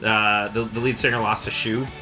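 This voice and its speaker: A man's voice: lowish voice, level tone, moderate pace, music in the background. A man hosting a podcast, chatting casually with jokes and lots of fillers. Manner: rambling, jokey, lots of fillers. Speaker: podcast host. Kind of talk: casual chat.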